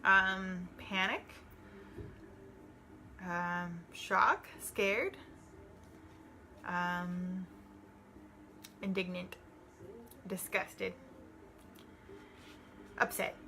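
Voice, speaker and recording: Slow, hesitant woman reading a list. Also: fairly low pitch, steady tone, bright, forceful tone, a little hiss or hum, low-quality recording. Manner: slow, hesitant, with many ums. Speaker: student reading coursework aloud. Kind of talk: reading a list and working through an exercise.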